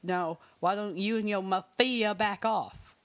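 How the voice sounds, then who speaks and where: A man's voice: sits high, measured pace, fairly bright tone, no room sound. Guy cohosting a gaming podcast, goofy teasing jokes, dry sound. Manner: jokey, teasing. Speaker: podcast co-host. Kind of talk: casual gaming podcast chat.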